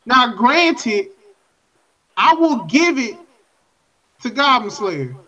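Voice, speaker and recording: A man's voice: very high voice, sing-song, drawn-out words, bright, forceful tone, dull audio. A man co-hosting a podcast in casual chat, emphatic and profane, often circling back to repeat his points. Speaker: podcast co-host.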